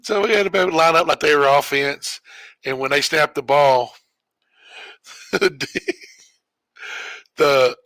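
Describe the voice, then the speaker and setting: A man with a bright, forceful voice tells a meandering story while playing a game. He backtracks, corrects himself and chuckles along the way. The sound is dry and close. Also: fairly high pitch, takes it slowly, long pauses, no room sound. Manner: rambling, self-correcting storyteller who chuckles often. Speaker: streamer. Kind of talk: casual storytelling while gaming.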